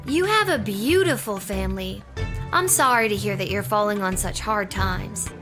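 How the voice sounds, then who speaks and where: A woman's voice: mid-range voice, lively intonation, normal speed, over music, lightly acted. An actress playing a blunt, teasing twelve-year-old girl guarding a kingdom's gates in a video game. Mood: matter-of-fact.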